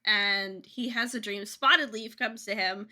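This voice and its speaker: A young woman co-hosting a casual book podcast, retelling a story in a chatty way with quick voiced asides. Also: mid-range voice, pushed and bright. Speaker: podcast co-host.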